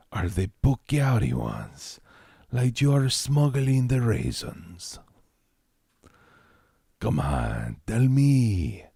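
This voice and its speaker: Sleazy smooth-talking seducer with a put-on Spanish-style accent, gravelly and insinuating, put on by a man. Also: on the low side, warm tone, dry recording, studio quality, full character voice. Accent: put-on exaggerated Spanish-style accent. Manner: saucy, drawn-out and insinuating.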